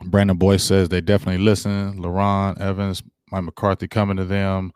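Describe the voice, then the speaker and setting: Sports host, male, animated and chatty, dry close-miked live-stream sound. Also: low voice, normal speed, smooth, dry recording. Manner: animated, acts out quoted coaches, talks to viewers.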